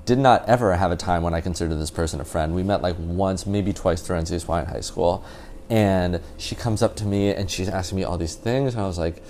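A man's voice: sits low, a little fast, a little mellow, slight background noise. A man in his twenties telling a story as a podcast guest, rambling with lots of "like" and laughing easily. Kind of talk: casual storytelling chat.

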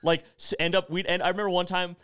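A young man co-hosting a podcast, telling animated, profane stories and acting out the people in them. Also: high voice, fast, clean tone. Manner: animated, swears a lot, acts out quoted people. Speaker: podcast co-host. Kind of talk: casual storytelling chat.

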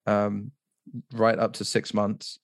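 A man's voice: fairly low pitch, monotone, takes it slowly, dry recording, studio quality. A man speaking as a podcast guest, telling a story in a casual, rambling way with lots of "like" and restarts.

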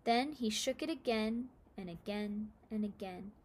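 A woman reading a children's story aloud with steady, expressive narration. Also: mid-range voice, unhurried.

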